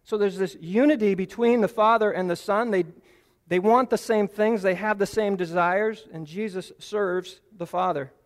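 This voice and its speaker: High-voiced preacher in a reverberant hall. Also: male voice, normal speed. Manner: earnest, explanatory, lands key phrases with emphasis. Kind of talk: Bible teaching sermon.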